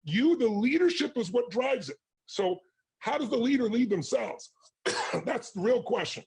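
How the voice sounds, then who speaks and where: A man's voice: extremely high pitch, sing-song, measured pace, vocal fry, breathy edge. A man giving an intense, passionate motivational talk, speaking with full force to an interviewer and audience.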